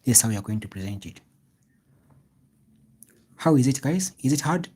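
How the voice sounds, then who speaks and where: A man's voice: medium pitch, expressive, normal speed, mellow, breathy edge. A man tutoring a live online grammar lesson. He repeats points and asks half-questions ending in "what?", then answers them himself. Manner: repetitive, checks understanding often.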